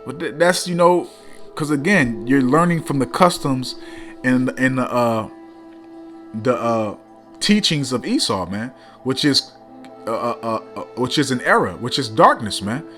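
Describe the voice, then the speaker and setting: A man's voice: mid-range voice, expressive, measured pace, a bit bright, faint music behind. A man preaching in a blunt, profane street style, reading scripture aloud and tagging lines with "man".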